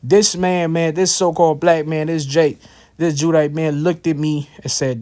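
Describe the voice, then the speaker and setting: Man, slightly high voice, casual scripture commentary, slangy, many fillers. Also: fairly even intonation, normal speed, a little mellow. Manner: loose and slangy, many fillers and repeated asides. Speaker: religious teacher.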